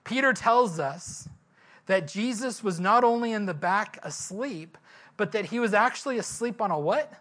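A man's voice: high voice, lively intonation, normal speed, fairly bright tone. A male pastor giving a sermon in a conversational, storytelling way, asking the listeners questions.

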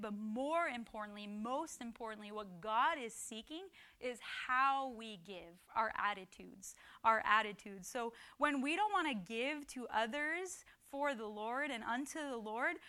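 Woman preacher, friendly teaching tone, slightly high voice, bright and crisp, chatty delivery. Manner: conversational, frequent "um" and "right?", quotes scripture. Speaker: Bible teacher. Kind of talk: casual sermon.

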